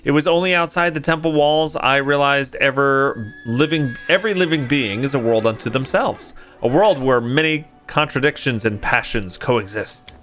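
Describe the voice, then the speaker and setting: A man's voice: mid-range voice, moderate pace, hardly any pauses, fairly bright tone, soft background music, lightly acted. A man reading as an earnest young priest. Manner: reads dialogue aloud in a lifted, formal tone. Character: earnest young male traveling priest, gentle. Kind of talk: reading game dialogue aloud.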